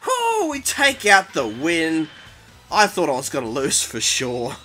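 A young man giving excitable, panicky commentary over his own fighting-game match, taunting his opponent. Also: fairly high pitch, a little slow. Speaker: gaming YouTuber. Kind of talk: live gameplay commentary. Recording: game music behind voice.

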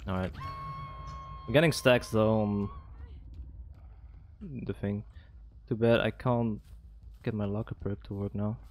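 A man giving casual live gameplay commentary as a streamer, excitable, swearing and laughing often. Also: on the low side, slow pace, long pauses, soft background music. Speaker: gaming streamer.

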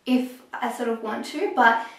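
A young woman talking through a hair tutorial step by step, a little hoarse as she is losing her voice. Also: on the high side, expressive, distant mic. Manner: chatty, explaining step by step with pauses. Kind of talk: casual how-to talk while working. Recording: echoey room, voice off-mic.

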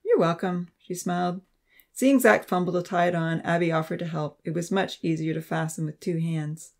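A man narrating a Christian youth novel in a steady, clear storytelling voice. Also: fairly high pitch, moderate pace. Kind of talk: audiobook narration.

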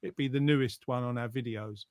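A man's voice: medium pitch, fairly even intonation, a little fast, no room sound, clean studio sound. A man hosting a live online quiz show in casual chat, reading out viewer comments with a jokey manner and lots of fillers. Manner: chatty and jokey, with frequent fillers.

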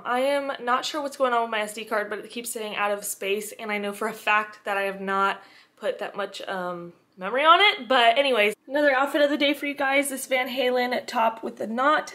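A young woman chatting casually in a vlog, talking quickly. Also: fairly high pitch, sharp tone. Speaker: vlogger.

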